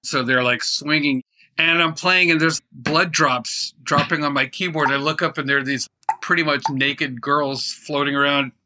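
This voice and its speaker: A man's voice: fairly high pitch, fairly even intonation, normal speed, pushed and bright. A male musician telling a casual, laid-back, rambling anecdote as a guest.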